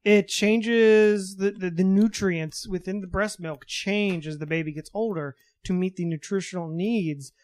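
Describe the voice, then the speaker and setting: A man with a fairly high voice chats on a podcast in a hesitant, deadpan way, stumbling over his words. The mic is close and dry. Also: unhurried, few pauses, no echo. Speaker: podcast co-host. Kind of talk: casual chat.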